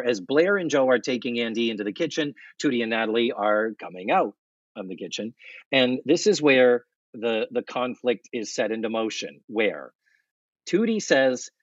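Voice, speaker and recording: A husky-voiced man co-hosts in a casual recap chat, rambling and animated. The sound is dry and a bit dull and lo-fi. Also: mid-range voice, no room sound. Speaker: podcast co-host.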